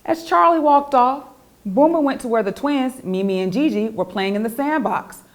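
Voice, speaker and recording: A woman, the author, reading her children's picture book aloud in an expressive, animated storytelling voice. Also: high-pitched, moderate pace.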